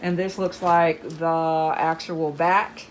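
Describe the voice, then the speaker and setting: A woman's voice: low voice, level tone, slow, a little hiss or hum. Chatty woman showing off a haul. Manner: chatty, enthusiastic, says "y'all" often. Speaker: haul vlogger. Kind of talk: casual show-and-tell chat.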